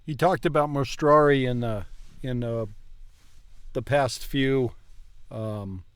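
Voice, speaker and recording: Man, language learner, very slow, hesitant, dry close sound. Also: mid-range voice, clean tone, no echo. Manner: hesitant, slow with restarts and fillers. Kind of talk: casual lesson chat.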